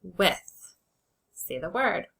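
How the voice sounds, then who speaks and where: A woman teaches young children to read, sounding out each word slowly and clearly. Her voice is bright and forward, and she encourages the class warmly as friends. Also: fairly low pitch, sing-song, poor audio. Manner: slow, clear sounding-out of words. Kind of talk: early reading lesson for children.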